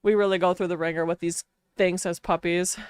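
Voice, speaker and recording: A woman's voice: lowish voice, little pitch movement, brisk, clean tone, no echo. A woman streamer telling a long casual story while gaming, chatty and full of fillers, laughing often.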